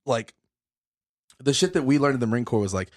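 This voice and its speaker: Fast-talking, swearing young man, out of breath. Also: medium pitch. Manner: animated storyteller, swears a lot. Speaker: podcast host. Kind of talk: casual chat.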